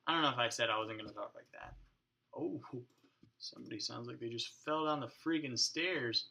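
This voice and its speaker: A man's voice: medium pitch, brisk, gravelly, pushed and bright. A man hosting a casual coding tutorial at his home desk, thinking aloud, muttering to his code and joking with mild swearing. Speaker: programming tutorial host. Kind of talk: casual screencast coding walkthrough.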